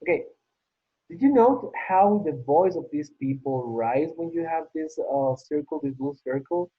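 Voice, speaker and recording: A man's voice: fairly high pitch, lively intonation, unhurried, slightly rough. A man teaching an English class online, patiently repeating praise as he works through the exercises. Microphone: video call. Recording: tinny phone-like call audio.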